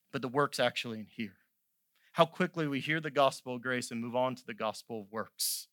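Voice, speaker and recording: A man preaching a sermon as pastor, moving from quiet, conversational storytelling to loud, impassioned peaks. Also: medium pitch, moderate pace, dry recording, clean studio sound.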